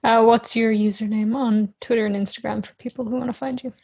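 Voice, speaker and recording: A woman's voice: on the high side, steady tone, a little fast, gravelly, dark tone. A young woman co-hosting a podcast, easygoing with dry humour and steering the casual chat. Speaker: podcast co-host.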